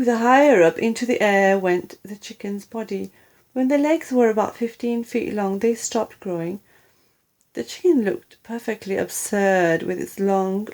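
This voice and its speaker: A woman reading a children's book aloud in a lively, expressive storytelling manner. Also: medium pitch. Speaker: storybook reader.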